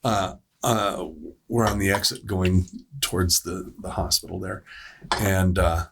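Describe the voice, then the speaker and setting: A man who works as a paramedic, telling a story on a podcast panel in a casual, animated way, acting out the voices he quotes. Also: deep voice, a little slow, gravelly, a little hiss or hum. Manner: animated storyteller, acts out quoted voices, laughs between lines.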